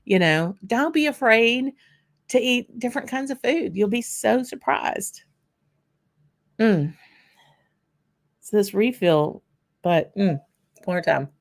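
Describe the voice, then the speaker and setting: Gravelly woman. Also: on the high side, expressive, slow pace, pauses often. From Louisiana. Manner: chatty, answers viewers by name while tasting. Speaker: whisky channel host. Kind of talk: casual livestream chat.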